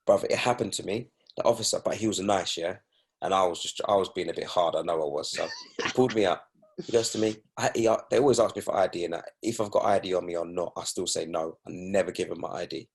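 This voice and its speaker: A man's voice: sits low, fast talker, creaky, husky. A young man, a guest in a casual chat, telling stories in an emphatic, indignant way.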